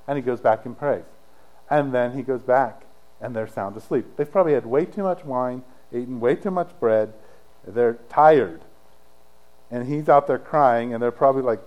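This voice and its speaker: In a rough recording, a middle-aged male pastor preaches casually, as if chatting, narrating the story with sharp shifts from forceful to quiet. His voice is mid-range and his pace moderate.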